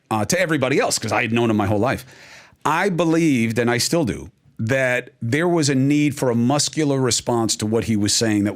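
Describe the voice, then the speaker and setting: A middle-aged man talking candidly as a podcast guest, emphatic, with fast bursts and slow, stressed points. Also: mid-range voice.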